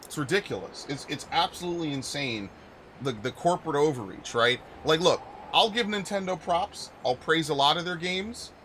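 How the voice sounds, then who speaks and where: A man's voice: on the high side, lively intonation, moderate pace, a bit bright, a little hiss or hum. A man live-streaming a video game, ranting angrily with lots of swearing and stumbling restarts. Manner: angry profane ranting with repeated restarts. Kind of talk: live gameplay stream commentary.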